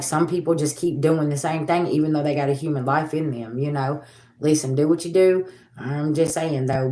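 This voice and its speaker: Casting: woman, 40s, low voice, blunt and preachy livestream host, profane, roomy echo. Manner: blunt, profane and preachy, addresses viewers as y'all. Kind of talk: casual livestream talk.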